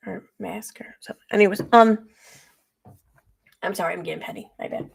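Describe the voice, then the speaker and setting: A woman's voice: mid-range voice, fairly quick, vocal fry, slightly rough. A woman streamer giving casual reaction commentary, blunt, sarcastic and profane, rambling as she reacts to clips.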